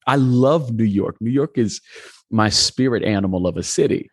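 A pastor tells his story in a conversational interview, an animated storyteller who acts out the dialogue as he goes. His voice is on the low side and slightly rough, at a moderate pace. The studio sound is clean with no echo.

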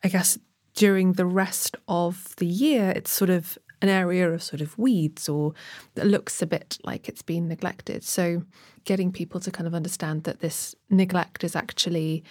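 A woman's voice: lowish voice, fairly even intonation, moderate pace, a little mellow, no room sound, studio quality. A young woman from Wales, co-hosting a podcast, talking thoughtfully with lots of hedging. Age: young adult. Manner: thoughtful, hedging with "sort of" and "kind of". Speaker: podcast co-host. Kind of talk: casual conversation.

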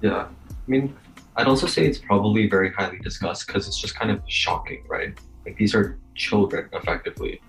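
A young man co-hosting a podcast from home on a poor mic over Zoom, talking in a measured, newsreader-like way with many uhs. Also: on the low side, vocal fry, soft background music. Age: young adult. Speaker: podcast co-host. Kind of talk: casual podcast chat. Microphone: bad mic on a Zoom call.

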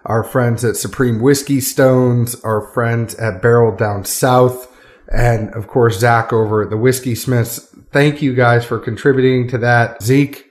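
A man with a steady, mid-range voice hosts a casual podcast from a friend's home, speaking unhurriedly. He's upbeat and chatty, laughing often into a studio microphone.

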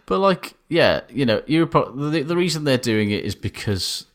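A man's voice: on the high side, very animated, moderate pace. A man co-hosting a podcast in casual chat, talking emphatically and enthusiastically, with plenty of swearing. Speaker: podcast co-host.

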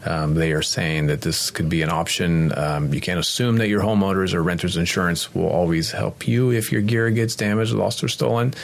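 A podcast host with a low, creaky voice and fairly even intonation reads sponsor spots and chats casually with a guest. He laughs often and reacts quickly.

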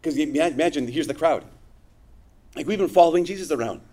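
A man giving a conversational sermon to his congregation, animated, with frequent asides. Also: fairly high pitch, quick pace. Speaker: priest.

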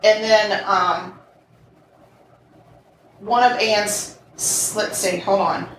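A woman's voice: mid-range voice, steady tone, very slow, recorded from a distance. A woman co-hosting a podcast, casually retelling a crime story in blunt, swearing terms and reading out quotes with animation. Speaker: podcast co-host. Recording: roomy echo, a bit off mic, faint noise.

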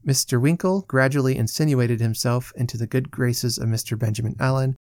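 A podcast host reading a classic novel aloud in a measured, clear storytelling manner. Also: male voice, medium pitch, darkish tone, dry recording, clean studio sound.

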